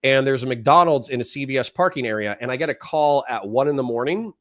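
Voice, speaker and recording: Speaking fast in a mid-range voice, this young podcast host and ex-cop gets animated as he casually recounts a story, occasionally yelling out quoted lines.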